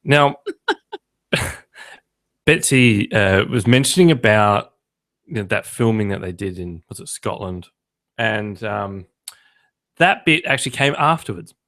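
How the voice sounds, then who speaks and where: A man's voice: lowish voice, animated, unhurried, pauses often, a bit bright. A man hosting a podcast, telling rambling, jokey stories in casual chat. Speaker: podcast host.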